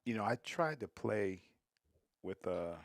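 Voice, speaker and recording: A man's voice: on the low side, lively intonation, measured pace, dry recording. A man doing casual live commentary on a pool stream, teasing the players, giggling often and talking straight to his viewers.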